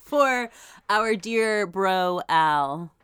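A woman's voice: medium pitch, expressive, very slow, fairly bright tone, clear, resonant tone, no echo. A woman co-hosting a podcast, laughing often and teasing. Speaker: podcast co-host. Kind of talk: casual podcast banter.

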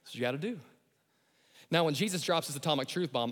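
Man, pastor, animated sermon, slightly high voice, long hall echo. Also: fast. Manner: animated, acts out voices and shouts the key lines.

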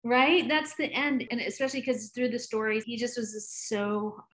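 A woman's voice: fairly high pitch, steady tone, moderate pace, fairly bright tone. A middle-aged woman, a podcast guest, telling frank personal stories in a chatty way and laughing easily. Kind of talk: candid personal storytelling.

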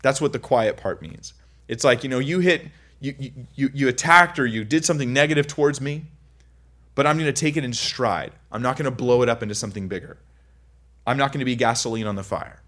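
A man's voice: mid-range voice, brisk, fairly bright tone. A young man giving a casual, chatty Bible teaching, full of anecdotes and self-interruptions. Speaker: preacher.

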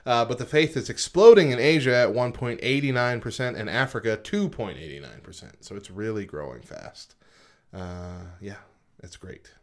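A man co-hosting a casual podcast, reading statistics from a list with frequent pauses and adding informal comments. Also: mid-range voice, expressive. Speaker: podcast co-host.

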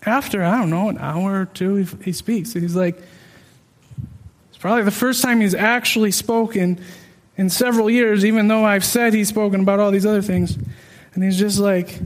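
A man's voice: sits high, steady tone, normal speed, long reverb tail. A man earnestly sharing an emotional personal testimony, candid and self-deprecating about his past.

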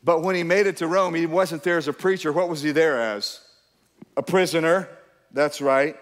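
A man's voice: fairly high pitch, moderate pace, long reverb tail. A middle-aged man preaching a sermon as pastor, emphatic and urging his congregation to respond. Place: church.

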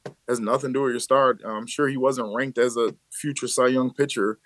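A man's voice: mid-range voice, a little fast, no echo. A man in his thirties from the Chicago area, a baseball coach telling stories as a podcast guest, laughing often and acting out quoted lines. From Chicago area, USA. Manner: animated storyteller who laughs often and acts out quotes. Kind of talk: casual conversational storytelling.

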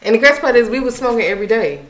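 A man's voice: very high voice, animated, rapid-fire, a loud crowd. A young man co-hosting a podcast, talking in a laid-back, slangy way. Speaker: podcast co-host. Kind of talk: casual chat. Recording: echoey room, faint noise.

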